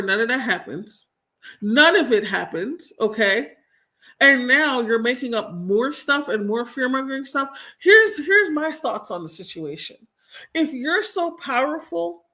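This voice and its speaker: A woman's voice: high-pitched, pushed and bright. Blunt, exasperated woman ranting on a livestream. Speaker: livestream host. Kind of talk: casual ranting commentary.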